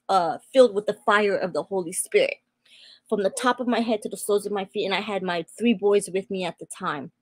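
A woman's voice: mid-range voice, no room sound. A young woman sharing her personal faith testimony as a guest, speaking fervently and repeating phrases for emphasis. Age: young adult.

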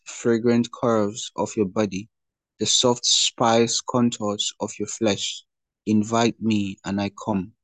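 A man reading the part of an adoring young male lover in a slow, tender scripture reading. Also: fairly low pitch, no room sound.

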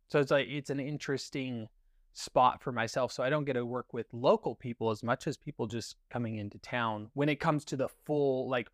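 A man's voice: mid-range voice, dry recording. Man, podcast guest, casual rambling talk, dry close mic. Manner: relaxed, rambling, many fillers and restarts. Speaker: guest, cinematographer and gaffer.

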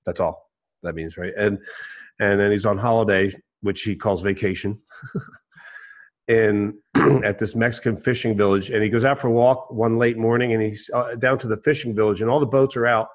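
A man hosting a conversation, telling a story in a casual, animated way. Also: lowish voice, normal speed.

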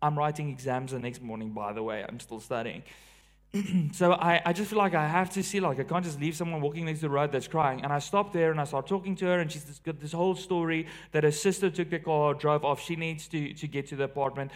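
A man with a South African accent preaching a sermon, telling stories with lively swings between loud emphasis and hushed awe. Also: fairly high pitch, brisk. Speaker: pastor.

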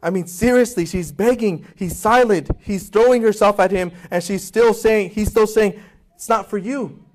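A man's voice: high voice, moderate pace. A male pastor preaching a sermon with passion, acting out voices in quotes and asking his congregation questions.

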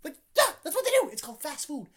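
Young woman, co-host, profane animated storyteller, slightly high voice. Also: quick pace. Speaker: podcast co-host. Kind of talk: casual chat.

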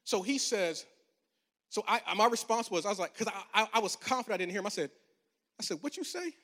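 A pastor in his forties gives a brisk storytelling sermon to his congregation, his high, bright voice carrying well. He is conversational and funny, building to emphatic proclamations, and a large church auditorium adds a long reverb.

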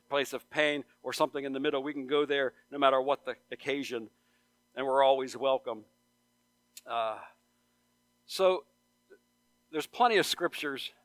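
A male pastor preaching a sermon in church, earnest, repeating phrases for emphasis and rising to loud appeals. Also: mid-range voice, clear, resonant tone, no room sound. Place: church sanctuary.

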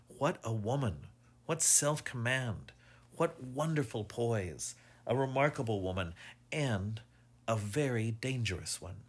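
Low-voiced male audiobook narrator. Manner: measured, even storytelling. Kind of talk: audiobook reading of a mystery story.

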